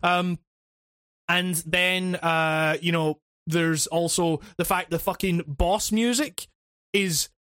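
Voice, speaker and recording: A man's voice: sits high, fairly even intonation, slow pace, a bit bright, smooth, no room sound, studio quality. A man on a podcast, ranting casually with lots of swearing, fillers and restarts. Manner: rambling, profane, many restarts and fillers. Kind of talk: casual chat.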